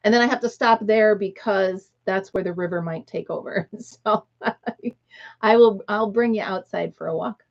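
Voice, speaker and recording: A woman's voice: mid-range voice, moderate pace, dull audio. A middle-aged woman from the United States hosting a casual livestream chat, talking easily, laughing often and greeting viewers by name. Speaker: livestream host.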